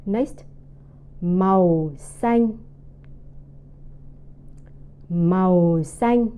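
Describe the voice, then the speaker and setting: A woman teaching a pronunciation lesson, speaking slowly and carefully and drawing out her example syllables. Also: medium pitch, warm tone. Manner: slow, careful enunciation with drawn-out example syllables. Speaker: language teacher. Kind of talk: slow, deliberate pronunciation lesson.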